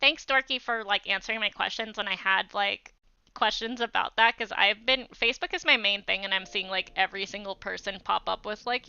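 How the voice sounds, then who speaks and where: Chatting with viewers as she draws on an art livestream, a young woman thanks people by name and uses many fillers. Her mid-range voice is clear and resonant with a sharp tone, at normal speed. The stream sound is slightly dull and lo-fi, with faint music playing.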